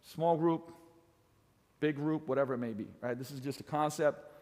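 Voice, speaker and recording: A middle-aged man teaching fitness trainers in an energetic coaching lecture, pushing his points hard and often asking "right?". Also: moderate pace. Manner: emphatic, swings pitch and loudness for effect, keeps asking "right?". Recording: large hall with long reverb.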